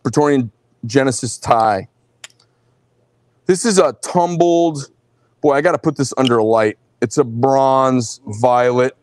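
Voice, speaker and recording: A middle-aged man hosting a live knife sales show, telling rambling, animated stories between showing each knife. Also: mid-range voice, unhurried, long pauses, no echo. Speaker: host presenting knives.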